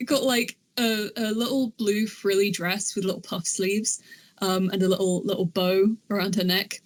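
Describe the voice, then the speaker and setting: A woman describes a scene for her tabletop game character, halting often to search for words. Her pitch sits in the middle. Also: steady tone. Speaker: player. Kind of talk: descriptive role-play narration.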